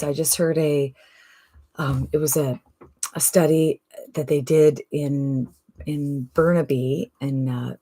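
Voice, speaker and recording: A woman from Canada with a low, deep voice makes a casual sales pitch. She talks in a chatty, persuasive way and keeps asking the listener rhetorical questions. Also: a little mellow. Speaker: online business promoter.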